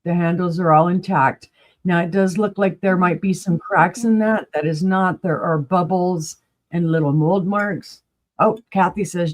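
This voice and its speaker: A woman selling vintage items on a live stream, chatty and excited as she describes each piece. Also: fairly low pitch, a little slow. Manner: excited, chatty, rattles off item details. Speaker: vintage seller. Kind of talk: live-stream sales pitch.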